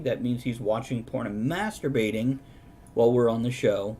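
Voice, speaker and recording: Sarcastic male streamer host, mid pitch, faint rumble behind. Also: expressive, normal speed, mellow. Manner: sarcastic, mock-documentary storytelling. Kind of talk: casual chat on a live stream.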